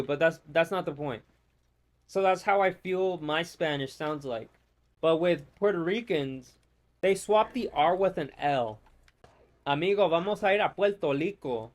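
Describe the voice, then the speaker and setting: Brief: slightly high-voiced American man, casual gameplay chat, profane and ranting. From United States. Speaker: gamer.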